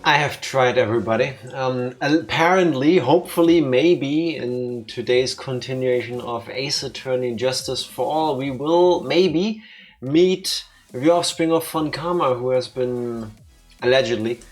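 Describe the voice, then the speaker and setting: A man hosts a live game stream, rambling and teasing his co-host in casual chat. His voice sits at an ordinary middle pitch. Faint music plays underneath. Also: a little slow. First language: German.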